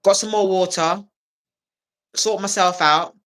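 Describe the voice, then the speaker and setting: This woman tells her stories in bright, ringing tones, jumping into little voices for everyone she quotes. She is a comedian guest on a podcast, chatting casually and laughing between lines. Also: medium pitch, measured pace. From England. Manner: animated storyteller who acts out quoted voices and laughs often. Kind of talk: casual storytelling chat.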